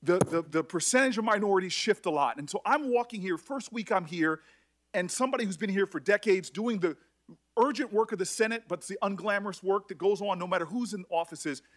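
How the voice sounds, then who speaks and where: A middle-aged man speaking at a hearing as a senator, emotional and halting, often restarting his sentences. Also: high voice, a bit bright. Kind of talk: emotional public address.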